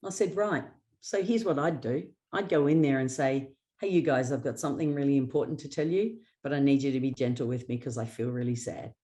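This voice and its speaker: A woman with a notably low voice leads a motivational workshop. She tells personal anecdotes, slips into the voices of the people she quotes and laughs easily. She sounds middle-aged. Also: a little fast, dark tone. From Australia. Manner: storytelling with acted quotes and sarcasm; laughs often. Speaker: workshop presenter.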